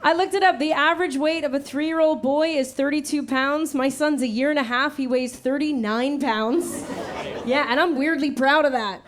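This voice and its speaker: High-voiced woman doing stand-up. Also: some chatter behind. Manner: wry, punchy storytelling with quick character voices. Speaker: stand-up comedian. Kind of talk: stand-up comedy set. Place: comedy show before a laughing audience. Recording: live show with loud laughter behind.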